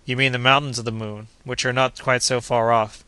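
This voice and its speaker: A man voicing a skeptical, stubborn gentleman hunter who refuses bluntly and doubts everything in an audiobook. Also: mid-range voice, flat delivery, fairly quick, clear, resonant tone, no room sound, natural voice.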